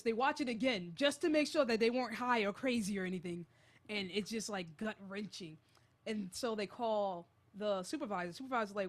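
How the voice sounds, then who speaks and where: A young woman hosting a college radio show, retelling a creepy story in a casual, animated and jittery way. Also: medium pitch, normal speed.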